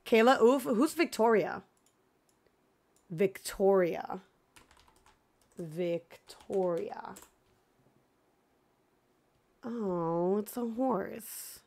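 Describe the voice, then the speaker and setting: A woman streaming a video game, chatting casually with viewers and swinging between excited gasps and mock dread. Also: medium pitch, extremely slow, pauses often. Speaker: gaming streamer. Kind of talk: casual live gameplay chat.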